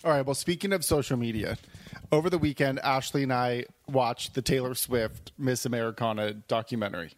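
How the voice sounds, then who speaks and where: A man co-hosting a casual podcast chat, relaxed and wry, telling stories. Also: mid-range voice, a little fast, no room sound. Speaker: podcast co-host.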